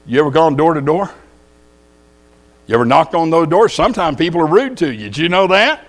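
A man's voice: fairly high pitch, very animated, fairly quick. A man with a Texan accent preaching a sermon in church, telling folksy stories and firing rhetorical questions at the congregation.

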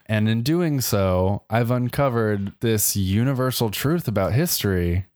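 A man's voice: lowish voice, lively intonation, unhurried, a little mellow, no echo, clean studio sound. A young adult man co-hosting a podcast, telling history in a casual, joking way and putting on playful voices. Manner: jokey storyteller, playful voices. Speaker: podcast co-host. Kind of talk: casual comedic chat.

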